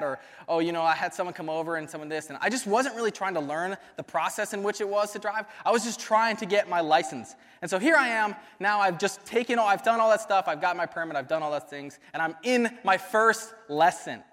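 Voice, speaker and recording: A young man with a high voice races through a youth sermon, rambling casually with fillers and asides. His words ring out with a long reverb in a church hall. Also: fairly bright tone. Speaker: youth ministry speaker. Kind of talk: youth sermon with personal story.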